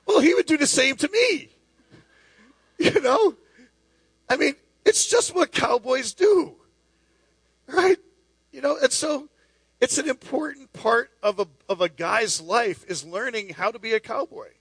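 A man's voice: very high voice, lively intonation, measured pace, long pauses, fairly bright tone, breathy edge, dry recording. A middle-aged male pastor preaching a sermon, telling stories with many restarts and asides. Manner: storytelling with lots of restarts and asides.

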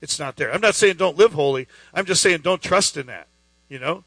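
A man's voice: a little high, expressive, brisk, a bit bright, no echo, rough recording. A man preaching a sermon in an emphatic, conversational way, full of rhetorical questions.

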